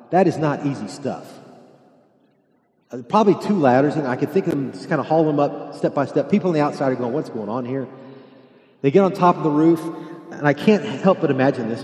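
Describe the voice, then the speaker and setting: A man's voice: on the high side, warm tone. Man preaching in an echoey hall. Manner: storytelling, acts out dialogue. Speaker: pastor. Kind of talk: sermon. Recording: echoey hall, long reverb.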